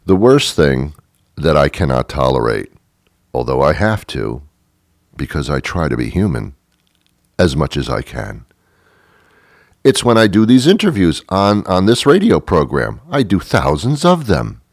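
A man's voice: rumbling low, wildly swooping pitch, a little slow, creaky, pauses often, no echo. A man, a radio host, delivering a rambling, sarcastic, exasperated comic monologue into a close studio mic. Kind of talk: comedic monologue.

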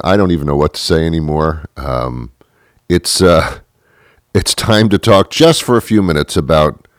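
A man with a very deep voice hosts a talk show, rambling through a comedic monologue in a deadpan, self-mocking way. The sound is dry and close to the mic, with no room around it. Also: no echo.

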